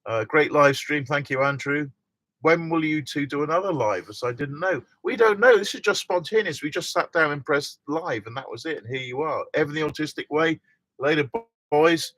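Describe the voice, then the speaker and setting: A man's voice: a little high, moderate pace, a bit bright, no room sound. A middle-aged man hosting a casual live stream from inside a motorhome, chatting and reading out viewer comments with frequent laughs.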